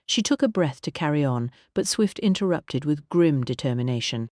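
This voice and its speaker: A man reading an audiobook in a measured, wry storytelling manner. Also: a little high, animated, darkish tone, no echo, studio quality. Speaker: audiobook narrator. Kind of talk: scripted narration.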